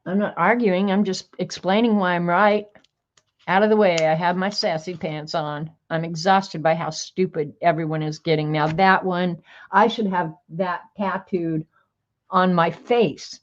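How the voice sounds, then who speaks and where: A woman's voice: on the low side, fairly even intonation, a little slow. Woman reading sassy one-liners, lo-fi. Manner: chatty, reads one-liners aloud with small laughs. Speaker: crafter sharing sayings on video. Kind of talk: casual reading of sassy sayings to camera. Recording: dull, lo-fi home video sound.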